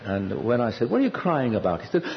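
An older man preaching a sermon at a conference, telling a personal story earnestly, with sudden lifts of pitch for emphasis. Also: wildly swooping pitch, fast, gravelly, slight background noise. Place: conference hall. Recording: dull, slightly lo-fi hall recording with reverb.

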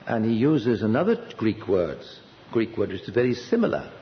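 An older man preaching a sermon at a conference, telling a personal story earnestly, with sudden lifts of pitch for emphasis. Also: very animated, normal speed, slight background noise. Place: conference hall. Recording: dull, slightly lo-fi hall recording with reverb.

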